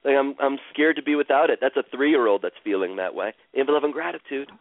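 A man guiding a caller through a healing session, slow and soothing, repeating phrases like a chant. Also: mid-range voice, no echo. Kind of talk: guided therapeutic session. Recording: tinny phone-line sound, dry.

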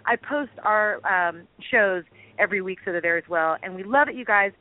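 A woman's voice: mid-range voice, expressive, normal speed, dry recording. A woman co-hosting a Christian comedy talk show, chatting casually in a bubbly, emotional way and laughing often. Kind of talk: casual chat. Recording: dry, tinny phone line.

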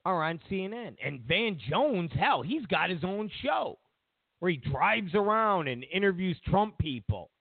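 With a high, creaky voice and a measured pace, a man delivers ranting talk show commentary full of profanity and mockery. His animated rants are captured in a dry, tinny, phone-like recording.

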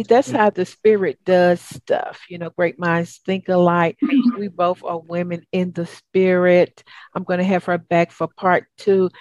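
A woman's voice: lowish voice, darkish tone, no room sound. A woman with a Southern US accent hosting a talk show, effusive and encouraging, with a spiritual bent. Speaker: host. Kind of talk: upbeat talk show chat.

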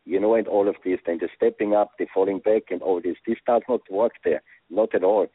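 A former soccer coach being interviewed over the phone, speaking earnest English with non-native phrasing. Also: male voice, fairly low pitch, steady tone, brisk, husky, dry recording. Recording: tinny phone line.

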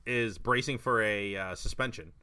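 A man hosting a casual sports podcast, steering the talk with steady, emphatic remarks. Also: lowish voice, moderate pace, clear, resonant tone. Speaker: podcast host. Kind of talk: casual chat.

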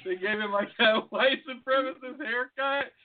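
A man's voice: very high-pitched, moderate pace, slight background noise. Swearing man on a lo-fi phone-like line. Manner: loose, swearing, laughing often. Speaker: podcast co-host. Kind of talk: casual profane chat. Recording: phone-like lo-fi sound.

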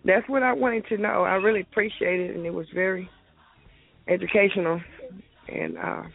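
A woman's voice: medium pitch, lively intonation, moderate pace, creaky. A woman calls in to a radio show and rambles hesitantly, repeating words as she searches for them. Her voice comes through a thin, tinny phone line. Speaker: caller. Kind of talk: casual call-in question.

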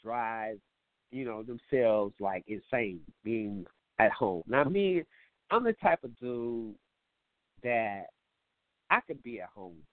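A man's voice: mid-range voice, animated, slow pace, long pauses, dry recording. A man hosting a call-in show, rambling and joking with lots of swearing. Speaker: show host. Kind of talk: comedic call-in show monologue. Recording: tinny phone-like line, dry.

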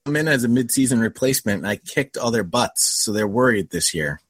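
A man's voice: mid-range voice, lively intonation, brisk, breathy edge, dry recording. A man guesting on a podcast in casual chat, dry and matter-of-fact. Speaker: podcast guest, fellow host.

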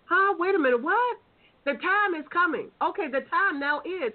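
A woman's voice: very high voice, expressive, moderate pace. A woman apostle co-hosting a sermon dialogue, fervent and exclaiming, on a tinny phone line. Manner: fervent, exclaiming, Black church call-and-response. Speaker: apostle, co-host.

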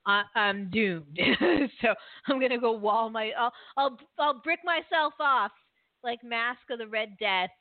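A woman hosting a call-in show, chatting casually and laughing often, with a slightly high voice. She stumbles over her words and restarts her sentences. The sound is tinny, like a phone line, and very dry. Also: unhurried, no room sound. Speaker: podcast host.

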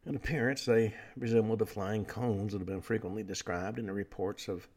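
A man hosting a talk radio show, delivering a lecturing monologue with frequent pauses and fillers. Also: lowish voice, steady tone, darkish tone, breathy edge.

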